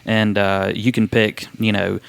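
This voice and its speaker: Low, smooth man. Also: unhurried, dry recording. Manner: relaxed storyteller with frequent ums and restarts. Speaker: wrestler guest. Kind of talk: casual interview chat.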